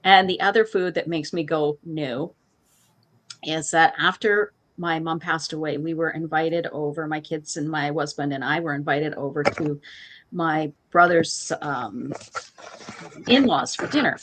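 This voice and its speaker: A middle-aged woman co-hosting a morning show speaks at a normal speed in a slightly bright voice. She tells family food stories in casual chat, laughing often and acting out her relatives in higher voices.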